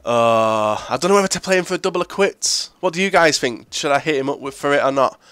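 Young man, gameplay commentary, crisp voice, close dry sound, blunt swearing. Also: fairly high pitch, lively intonation, fast talker, no echo. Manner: blunt, swears freely, sudden loud outbursts. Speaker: gaming video creator.

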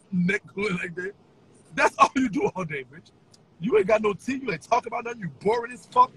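A man ranting on a livestream in a taunting, profane way, with sing-song chants and bursts of shouting. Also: very high voice, breathy edge, low-quality recording. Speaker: social media personality.

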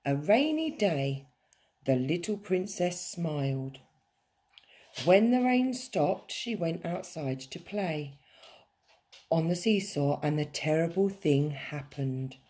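Teacher read-aloud: woman, lowish husky voice, slow and animated. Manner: slow, expressive storytelling. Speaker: teacher reading a story. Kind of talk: children's story read-aloud.

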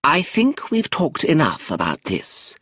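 A man's voice: fairly high pitch, huge pitch swings, measured pace, fairly bright tone, breathy edge, no echo, studio quality, pitched above the performer's own voice, heavily acted. A man voicing a commanding elderly aunt with a firm voice, in an audiobook. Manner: powerful, firm.

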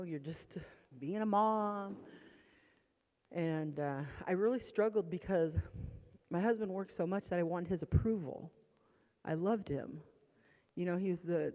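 A woman's voice: fairly low pitch, warm tone. Woman telling an emotional church testimony. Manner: emotional storytelling, reenacting past panic. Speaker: church speaker sharing a testimony. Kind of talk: personal testimony. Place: church hall. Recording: long church hall reverb.

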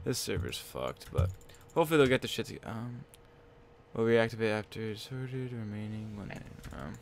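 A young man commentating his own game, excitable and swearing, with bursts of loud disbelief, on a headset mic at his computer. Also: fairly low pitch, normal speed, slight background noise. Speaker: gaming channel host. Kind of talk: Let's Play commentary.

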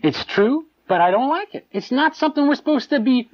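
Male preacher, loose conversational sermon, lively pitch, lo-fi live recording. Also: brisk. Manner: animated, conversational preaching with mocking asides and chuckles. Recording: dull lo-fi live tape.

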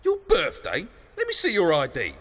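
A man's voice: high-pitched, huge pitch swings, normal speed, a bit bright, long reverb tail, full character voice. A man playing a foul-mouthed male street cop who talks brusque and crude.

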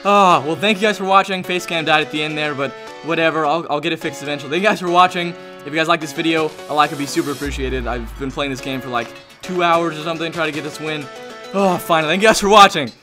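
Gaming host, male, high bright voice, excitable play-by-play, desk mic at home. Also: quick pace, faint music behind. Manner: excitable, talks to his dog and viewers. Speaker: gaming YouTuber. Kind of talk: live gameplay commentary.

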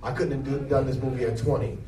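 A man in his forties, an actor being interviewed, telling stories in an animated, jokey way. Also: mid-range voice, fast, a crowd in the background. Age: 40s. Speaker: actor guest. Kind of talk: casual interview. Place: event hall with an audience. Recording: echoey hall, distant mic, noise.

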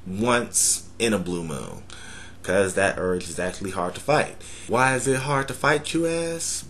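A man's voice: sits low, fairly bright tone, a little hiss or hum. A young man talking bluntly to camera in a profane, joking way. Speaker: vlogger. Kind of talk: casual talk to camera.

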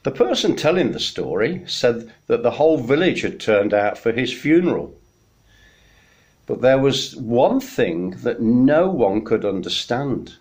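Male minister, midweek message, slow measured storyteller, mid pitch. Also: very animated. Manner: unhurried storytelling, gentle pauses.

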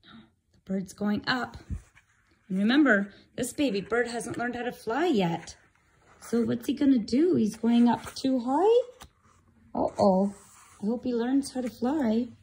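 A woman reads a children's picture book aloud at an unhurried pace, her voice sitting fairly high. She often stops to speak directly to her young listeners. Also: a little mellow, breathy edge. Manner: slow, chatty asides to listeners. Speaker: storyteller reading to children. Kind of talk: read-aloud storytelling for kids.

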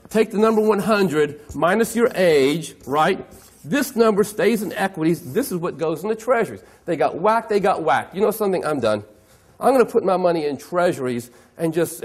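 Middle-aged male keynote speaker, husky and animated, plays to the room. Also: sits high. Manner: animated, acts out clients' voices, asks the audience questions. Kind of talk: lively keynote talk to an audience.

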